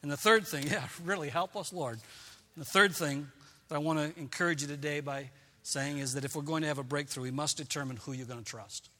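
A man's voice: on the high side, a little fast, pushed and bright, in a large hall. A male pastor preaching a sermon in an earnest way, repeating phrases for emphasis.

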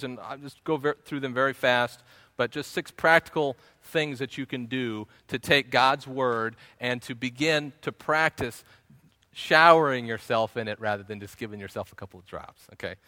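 A man preaching with a bright, forceful tone, earnest and teacherly, circling back to repeat his key phrases. His voice is close and dry with no room around it. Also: mid-range voice, no echo. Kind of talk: sermon teaching.

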